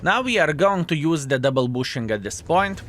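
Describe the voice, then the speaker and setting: A man commentating his own video game match to viewers, animated and self-mocking, calling them fellas, with slightly non-standard English phrasing. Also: on the high side, normal speed, a little hiss or hum. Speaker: video game player and channel host. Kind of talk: live gameplay commentary.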